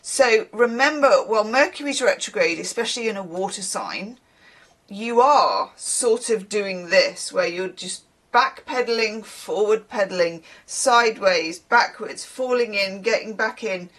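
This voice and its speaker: A woman's voice: medium pitch, measured pace, a bit bright. A woman giving a casual, rambling tarot reading to her viewers, chatting and laughing as she goes. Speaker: tarot reader.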